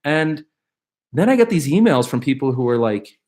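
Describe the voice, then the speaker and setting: At a normal speed and medium pitch, a middle-aged man runs a live Q&A stream. He's animated and cheerful, reading viewer questions aloud and answering in a rambling way with fillers and restarts.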